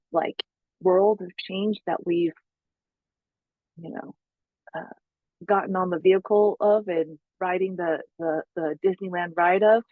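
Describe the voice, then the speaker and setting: Woman therapist, rambling reflective monologue, low-set voice, dry close phone-like audio. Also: no echo. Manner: searching, with many fillers and self-quoted asides. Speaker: psychotherapist and spiritual teacher. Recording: tinny phone-like sound.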